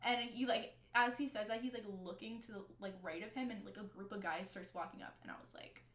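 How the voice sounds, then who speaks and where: A young woman tells a story from her own life in a casual storytime style, animated and swearing freely as she quotes the people involved. Her mid-range voice moves briskly, and the recording sounds roomy.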